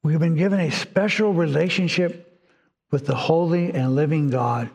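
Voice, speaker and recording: A man's voice: fairly high pitch, moderate pace, a little mellow. A man preaching a sermon as pastor, telling stories in an earnest, reflective way. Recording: long hall reverb.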